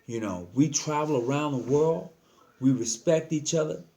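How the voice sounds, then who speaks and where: A man's voice: fairly high pitch, normal speed, warm tone. Earnest man giving frank advice. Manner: earnest, repeats himself, drops into slang. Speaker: lodge member giving advice. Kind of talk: casual talk to camera.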